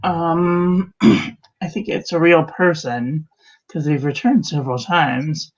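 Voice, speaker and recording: A woman's voice: low voice, slow, dull audio. A woman joining a casual chat as a guest, making dry, hesitant remarks.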